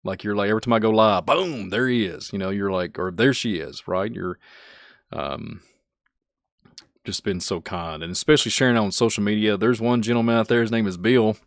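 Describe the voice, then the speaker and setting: Rambling Kentucky man, low voice. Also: normal speed, no echo, studio quality. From Kentucky, USA. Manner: rambling, chuckling often, grows soft and emotional. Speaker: channel host. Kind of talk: casual thank-you vlog chat.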